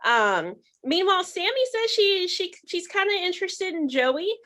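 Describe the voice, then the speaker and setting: A woman's voice: very high-pitched, sing-song, moderate pace, sharp tone. A young woman co-hosting a podcast, casually recapping a reality show in a chatty, speculative way with lots of fillers. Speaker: podcast co-host.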